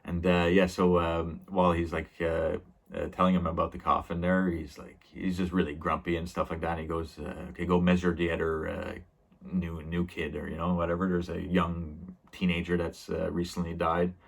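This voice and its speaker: A man's voice: deep voice, flat delivery, normal speed, vocal fry. A man casually recapping a TV episode as a reviewer, rambling with many fillers and small laughs.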